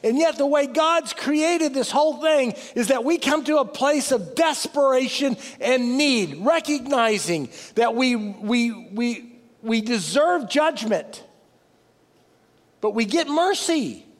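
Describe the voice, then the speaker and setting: A man preaching a sermon as a pastor, emphatic, swinging from loud peaks down to low, soft passages. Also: lively intonation, slow, in a large hall.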